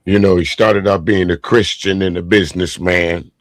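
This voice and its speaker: A man hosting a casual live stream chat show, talking in a laid-back, drawn-out way and chuckling often. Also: sits low, fairly even intonation, no echo.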